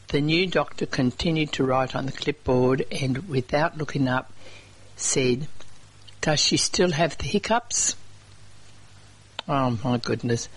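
A community radio presenter, chatting casually between songs and reading out local notices in an unhurried way with small hesitations. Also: mid-range voice, fairly bright tone, poor audio.

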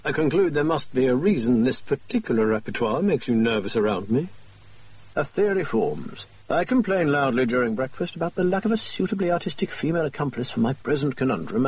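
A man voicing a confident, brisk Victorian male detective who lectures on his deductions. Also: mid-range voice, animated, darkish tone. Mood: lecturing. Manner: crisp, lecturing, quick to explain his deductions.

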